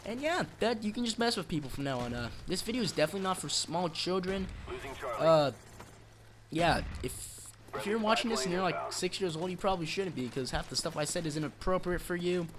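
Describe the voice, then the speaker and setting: A man's voice: high-pitched, lively intonation, a little fast, crowd noise. Man, vlog host, rambling, joking, stops and restarts, noisy recording with gunfire behind. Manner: rambling, dark-joking, self-interrupting. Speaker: channel host.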